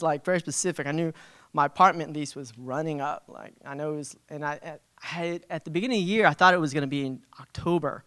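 A man giving an unprepared church testimony, casual and halting, with restarts and fillers. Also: on the high side, a bit bright, no room sound, clean studio sound.

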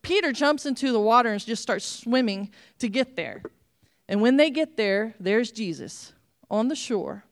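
A woman delivers a sermon in a slightly high voice, telling the story with lively, animated delivery. She slips into voices for the people in it as she goes. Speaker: preacher.

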